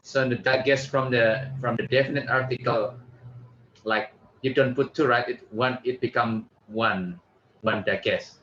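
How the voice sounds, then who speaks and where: A man studying in a one-on-one language lesson, halting and hesitant, repeating words after his teacher. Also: mid-range voice, steady tone, fairly bright tone. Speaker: student. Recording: dull, lo-fi line with faint noise.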